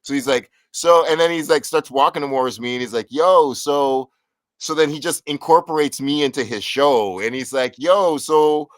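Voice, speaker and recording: A man casually telling a lively story on a live talk show, acting out what people said with sudden jumps in pitch. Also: brisk, hardly any pauses, no room sound. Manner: animated, acts out quotes with big pitch jumps. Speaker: co-host.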